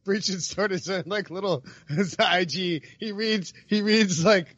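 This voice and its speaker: A man hosting a podcast, talking in a rambling, animated, self-interrupting way. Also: sits high, a little slow, no echo, dull audio. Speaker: podcast host. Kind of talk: casual chat.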